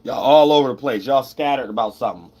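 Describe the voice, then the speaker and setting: A man giving a rambling, profane livestream tarot reading, with sudden shouts and wild swings. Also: medium pitch, fast. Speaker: tarot reader.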